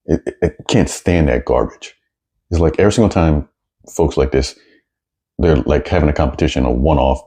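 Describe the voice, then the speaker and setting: A man's voice: extremely low pitch, mellow, breathy edge. A man giving blunt, sarcastic commentary while reacting to news clips, often repeating words as he gets going.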